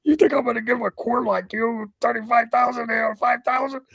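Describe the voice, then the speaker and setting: A man voicing a gruff boxing champion who mocks and curses at a friend. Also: extremely high pitch, fairly even intonation, brisk, no room sound, clean studio sound, voice pushed up, heavily acted. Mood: mocking. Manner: shouting insults.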